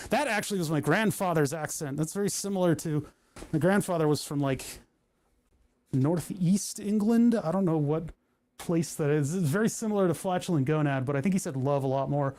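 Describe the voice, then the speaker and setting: A man's voice: a little high, expressive, moderate pace, darkish tone. A man chatting casually in his home workshop as he works out a build, thinking aloud with joking asides. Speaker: hobbyist maker.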